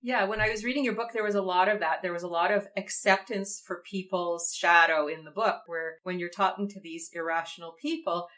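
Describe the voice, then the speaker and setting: A woman hosting an interview, responding to her guest with warm, affirming comments. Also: fairly low pitch, a little fast, few pauses, poor audio. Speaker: podcast host. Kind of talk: interview conversation.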